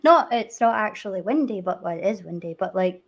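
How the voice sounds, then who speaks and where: A woman with an Edinburgh accent from Scotland hosts a casual livestream chat, giggly and chatty and quick to laugh. Her mid-range voice is expressive, though the highs are cut off.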